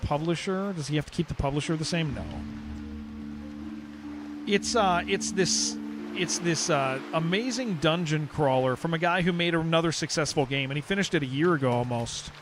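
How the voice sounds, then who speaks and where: A man's voice: a little high, moderate pace, over music. A young man from San Diego with a Californian accent, chatting casually and rambling as he streams a game, often saying dude. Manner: rambling, restarts sentences, says dude a lot. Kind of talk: casual live-stream chat while gaming.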